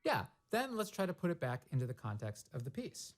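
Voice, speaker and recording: A man teaching snare drum, explaining step by step in a thoughtful way and singing rhythms out loud in a practice studio. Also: fairly high pitch, huge pitch swings, a little fast, music in the background. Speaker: percussion teacher. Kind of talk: instructional demonstration.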